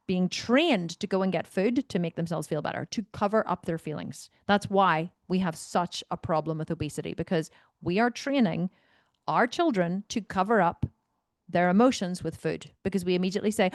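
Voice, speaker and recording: A woman's voice: fairly low pitch, brisk, no room sound, clean studio sound. A woman, talking bluntly and emphatically as a fitness coach on her solo podcast, swearing freely.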